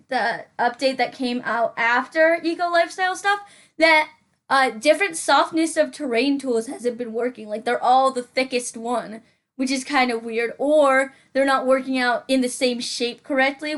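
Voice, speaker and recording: A young woman rambling casually over her gameplay, often mocking herself and talking to herself. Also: high-pitched. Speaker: gaming channel host.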